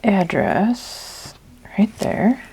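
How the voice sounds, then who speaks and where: Woman crafter, unhurried talk, throat a bit ticklish, chats as she works, some noise behind. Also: medium pitch. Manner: chatty, thinks aloud while working. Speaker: crafting channel host. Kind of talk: casual crafting chat.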